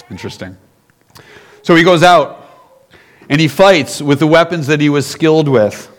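A man's voice: a little high, expressive, unhurried, long pauses. Pastor guy telling a story in a sermon, easygoing, chuckles a lot. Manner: casual storytelling, acts out characters, often laughs.

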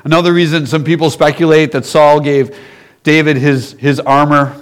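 A man's voice: a little high, level tone, moderate pace. A man, a pastor, giving a casual storytelling sermon, often laughing and acting out the characters.

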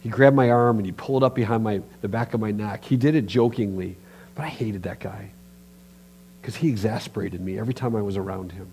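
A man preaching a sermon in church as pastor, animated and emphatic, speaking straight to his listeners. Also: on the low side, a little fast, a little hiss or hum.

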